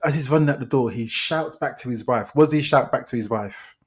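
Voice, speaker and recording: A man retelling a film plot in casual podcast chat, animated and exasperated, with frequent restarts. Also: medium pitch, a little fast, husky. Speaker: podcast host, film reviewer.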